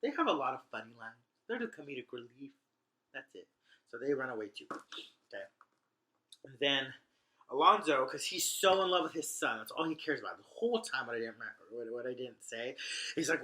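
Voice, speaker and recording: A man's voice: mid-range voice, animated, moderate pace, sharp tone. A man casually retelling a play for laughs, rambling and chatty with slangy asides. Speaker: host.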